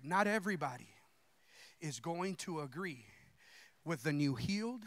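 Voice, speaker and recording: A male pastor preaching a sermon, fervent and colloquial, moving between hushed talk and shouted declarations. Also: on the high side, animated, measured pace, pauses often, no room sound.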